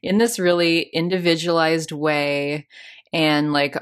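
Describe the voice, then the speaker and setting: Casting note: woman podcast co-host, low voice, casual and chatty about a book. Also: slow, smooth. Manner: casual, lots of "like", reads passages aloud.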